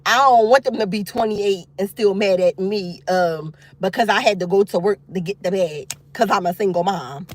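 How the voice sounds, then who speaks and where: A woman vlogger chatting casually with her viewers from outside a youth football practice. She is expressive and loose, with frequent laughter. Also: medium pitch, moderate pace, few pauses. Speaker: single mom vlogger talking to viewers. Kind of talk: casual chat.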